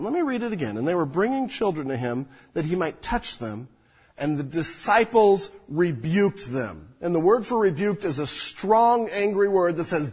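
A man preaching a sermon as pastor, animated and full of restarts. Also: sits high, husky, low-quality recording. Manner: animated, restarts often, drops soft when speaking to children. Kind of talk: sermon with children up front. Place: church sanctuary.

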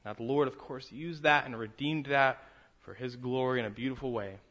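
A man's voice: mid-range voice, normal speed. Fervent male preacher. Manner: builds from quiet reflection to fervent raised delivery. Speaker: pastor. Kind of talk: sermon.

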